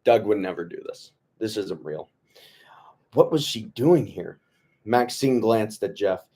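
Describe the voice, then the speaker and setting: A man reading a novel aloud to his book club in a relaxed way, stumbling over words, rereading lines and tossing in joking asides. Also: fairly low pitch, a little slow, husky. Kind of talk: casual read-aloud of a novel.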